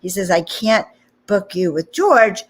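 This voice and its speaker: On her spiritual talk channel, a woman with a medium-pitched voice recounts something from her own life without hurrying. The anecdote is lively and chatty, peppered with "you know" and "okay?"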